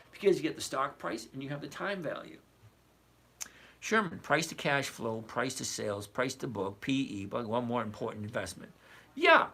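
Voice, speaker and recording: A blunt trading teacher runs a live lesson on stocks and options. The pitch swings widely and lively as points get hammered home by repetition. Sarcastic asides go straight to the viewers. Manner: emphatic, blunt, repeats key points. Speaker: trading instructor.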